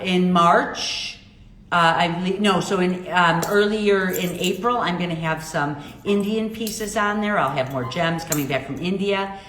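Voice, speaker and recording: A woman's voice: mid-range voice, fairly bright tone. A middle-aged woman hosting a casual livestream, bubbly and chatty, reacting to viewer comments. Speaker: livestream host, jeweler. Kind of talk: casual live chat reading viewer comments. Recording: echoey room with faint noise.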